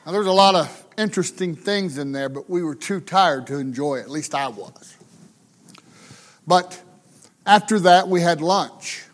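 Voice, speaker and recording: A pastor from the United States spins a humorous story from the pulpit in a fairly high voice. He speaks slowly and in a folksy, chatty way. He keeps checking in with his listeners through tag questions.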